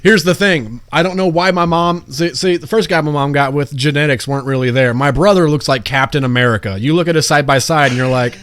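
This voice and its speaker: A young man in casual podcast banter, telling self-mocking jokes in a deadpan way. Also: on the high side, fairly quick, hardly any pauses, smooth. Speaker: guest.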